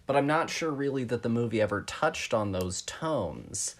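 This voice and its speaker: A man's voice: medium pitch, expressive, moderate pace. A man co-hosting a film podcast in casual conversation. He talks things through thoughtfully, hedging, circling back and restarting his sentences as he goes. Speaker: podcast co-host.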